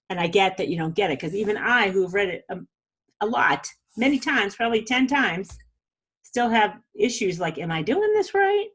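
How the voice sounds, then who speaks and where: A woman's voice: mid-range voice, normal speed, fairly bright tone, breathy edge. A middle-aged woman hosting a podcast, talking through a self-help method in a chatty, earnest way and checking in with "okay?". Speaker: podcast host. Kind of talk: casual self-help monologue.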